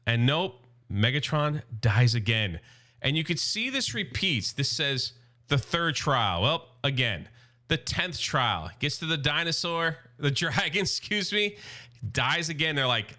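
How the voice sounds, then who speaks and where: A man's voice: fairly high pitch, lively intonation, a little slow, sharp tone, faint music behind. A man hosting a casual, enthusiastic comic recap, chatty and full of filler words. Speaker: YouTube host recapping a comic series.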